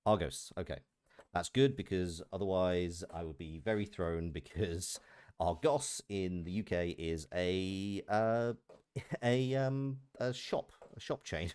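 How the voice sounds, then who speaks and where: Deep-voiced Merseyside man, dry sound. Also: slow pace, darkish tone, smooth, no room sound. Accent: Merseyside English. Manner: thoughtful, explanatory. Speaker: voice actor. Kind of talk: casual chat on a live stream.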